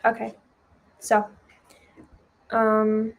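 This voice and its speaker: Woman, german accent, non-native english speaker, casual live-stream teacher, chatty, filler-heavy, slightly high voice. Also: completely flat delivery, very slow, vocal fry. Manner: chatty, fillers and "right?" tags. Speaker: trading stream host.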